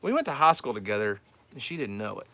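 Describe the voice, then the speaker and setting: A man's voice: lowish voice, very animated, fast, fairly bright tone. An Oklahoman man from South Central Oklahoma, the host of a homestead channel, chatting casually and telling a rambling story as he answers viewer questions. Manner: rambling storyteller, repeats words.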